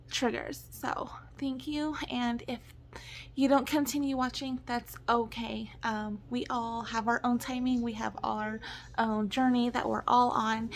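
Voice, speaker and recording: A woman's voice: a little high, slight background noise. A woman in her thirties, a stay-at-home mom, talking in an earnest, apologetic personal vlog while choking up with tears. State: tearful, choking up.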